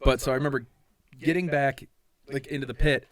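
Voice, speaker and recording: A man's voice: medium pitch, a little fast, no room sound. A man co-hosting a podcast, telling a concert story in casual, profane chat and acting out what people said. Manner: profane, animated storytelling with acted quotes. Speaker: podcast co-host.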